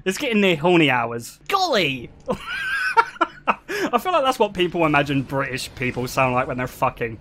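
A man's voice: fairly high pitch, big pitch swings, normal speed, a bit bright, a little hiss or hum. A young man streaming, chatting casually in a crude, joking way and laughing often.

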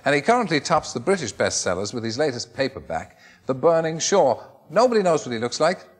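Irish male chat show host, lively up-and-down delivery, teasing wit. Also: on the high side, fairly quick. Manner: jokey, teasing questions.

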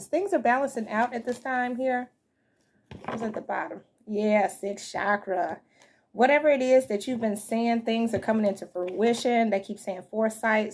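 A woman's voice: a little high, darkish tone, slight background noise. A woman giving a casual, slangy tarot reading to her viewers, sounding like she just woke up. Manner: chatty, slangy, addresses viewers as y'all and fam. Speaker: tarot reader.

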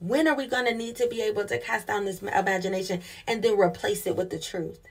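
Husky-voiced woman preaching fervently. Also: mid-range voice, fairly even intonation, fast. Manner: fervent call-and-response preaching. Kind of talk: sermon.

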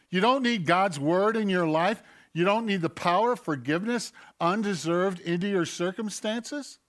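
A man preaching from the pulpit of a church, his voice pitched a little higher than most men's. He delivers an animated sermon, firing off rhetorical questions and slipping into acted-out voices to make his points. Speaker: pastor. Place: church sanctuary.

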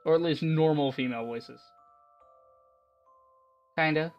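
A man hosting a let's-play, rambling and excitable in his game commentary, laughing often as he talks. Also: on the high side, moderate pace, faint music behind.

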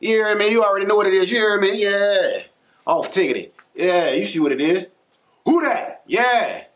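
A man playing a brash New Orleans man who shows off his accent away from home, loud and boastful, greeting everyone. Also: high-pitched, normal speed.

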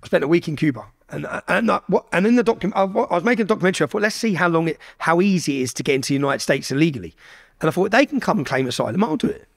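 A man's voice: on the high side, very fast, vocal fry. A man from England, a podcast guest telling a story casually, with lots of swearing and quoted dialogue. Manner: heavy swearing, animated retelling with quoted dialogue.

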